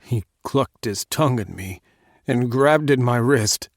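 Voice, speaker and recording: A man narrating a first-person audiobook in a measured, intimate reading on a close studio mic. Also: mid-range voice, no echo.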